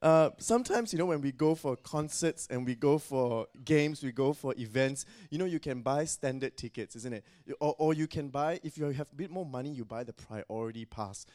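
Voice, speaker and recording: Man preaching, chatty and informal, mid-pitched voice. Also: normal speed, few pauses, a little mellow. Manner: conversational, frequent "you know". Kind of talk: sermon.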